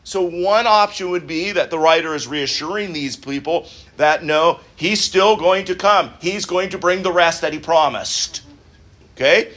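A man's voice: on the high side, a little slow, fairly bright tone. A man preaching a verse-by-verse sermon, thinking aloud with restarts and repeated words and asking the listeners questions. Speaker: pastor.

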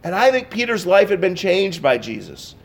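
A male pastor preaching a sermon to a church congregation, swinging between loud, emphatic bursts and quiet, intense passages. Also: high voice, very animated, moderate pace. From Pacific Northwest. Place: church sanctuary.

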